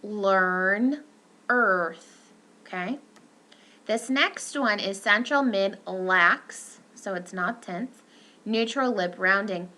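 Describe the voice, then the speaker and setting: A woman's voice: medium pitch, slow pace, sharp tone. A young adult woman giving a recorded lecture, explaining step by step with fillers and self-corrections.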